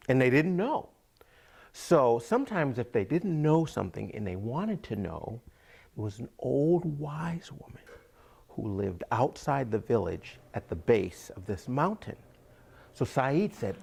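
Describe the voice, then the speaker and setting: Brief: male storyteller, lively melodic telling, husky texture, unhurried with whispered asides. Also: medium pitch. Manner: drawn-out, repetitive, dips into whispers. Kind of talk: oral folk-tale telling.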